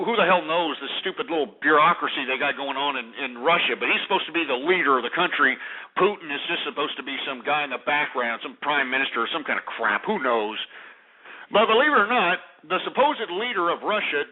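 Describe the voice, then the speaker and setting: A man hosting a political talk radio show, ranting angrily with profanity and insults. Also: fairly high pitch. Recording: tinny phone-like radio audio.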